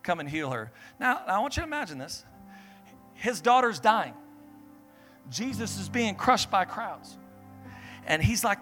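A young male preacher with a high, bright, forceful voice delivers an animated sermon, acting out people in his stories. Soft music plays faintly behind him. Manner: animated, acts out Bible figures and family members in quick voices. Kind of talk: energetic sermon.

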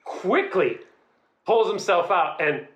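A young man telling a story in casual chat, animated, laughing and acting out quotes. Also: sits high, reverberant.

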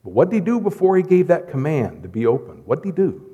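Animated preacher in a reverberant hall. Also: male voice, on the high side, quick pace, breathy edge, highs cut off. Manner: animated, jokey, swings between loud and hushed. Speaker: pastor. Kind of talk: sermon. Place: church sanctuary.

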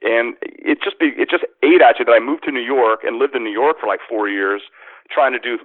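A man's voice: mid-range voice, a little fast, dry recording. A man spins a long, rambling story about his career, full of restarts and fillers. His voice reaches us over a narrow, tinny phone-like line. The sound is dry, with no room around it. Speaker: sports radio host, former actor. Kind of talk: casual storytelling interview.

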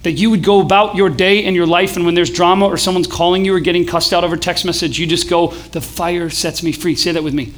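A man's voice: sits high, steady tone, quick pace, few pauses, a little hiss or hum. A young man preaching casually to a live audience, joking and leading call-and-response chants. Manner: casual, joking, building to shouts. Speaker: pastor. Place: event hall with live audience.

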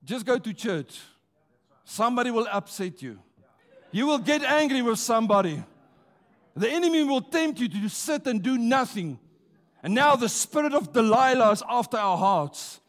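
A man preaches in a church with a notably high voice. He rallies the congregation with call-and-response and stretches out his key words. His delivery is rousing and emphatic. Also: very animated, moderate pace. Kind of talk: sermon.

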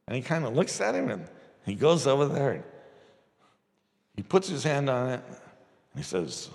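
A gravelly-voiced man preaches in a relaxed, conversational way, slipping into acted quotes as he tells stories. His pitch rises and falls a great deal. The sound carries a long reverb, as in a large hall. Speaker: pastor. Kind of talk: sermon teaching with storytelling.

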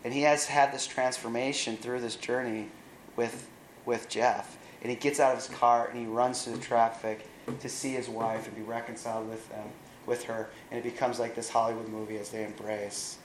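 A man preaching, retelling a film's plot in an animated way with wry asides. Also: medium pitch, moderate pace, echoey room, slight background noise, low-quality recording. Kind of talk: sermon storytelling.

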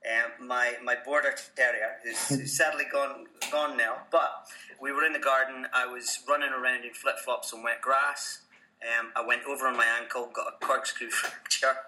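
A man with a Scottish accent, a podcast guest telling his story in relaxed, self-deprecating casual chat. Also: mid-range voice, moderate pace, poor audio.

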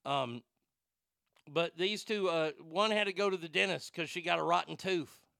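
A man's voice: fairly high pitch, normal speed, vocal fry, a bit bright, clear, resonant tone, no room sound, clean studio sound. A man hosting a talk radio show, ranting animatedly about a reality show with crude asides and stammered restarts.

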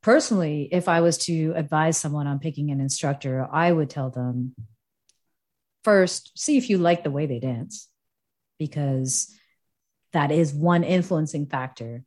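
Woman, podcast co-host, giggly and expressive, lowish voice, easygoing chat. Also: unhurried. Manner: giggly, laughs often mid-sentence; expressive, acts out her own reactions.

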